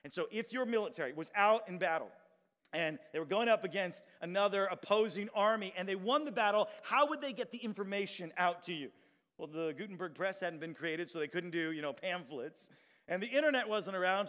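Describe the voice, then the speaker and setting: High-voiced preaching man in a reverberant hall. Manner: animated preaching, shouts and drawn-out emphatic lines, audience call-and-response. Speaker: pastor. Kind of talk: sermon. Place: large church hall with long reverb.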